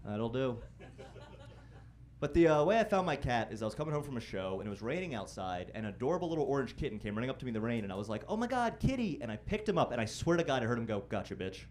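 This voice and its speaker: A young man performing a stand-up set in a comedy club, wry and self-deprecating, breaking into loud mock-singing and shouted impressions. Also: medium pitch, very animated, very fast, few pauses. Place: comedy club stage before a live audience.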